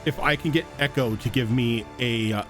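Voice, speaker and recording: Halting male game master. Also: medium pitch, over music. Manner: halting, with fillers. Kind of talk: narrating a tabletop game.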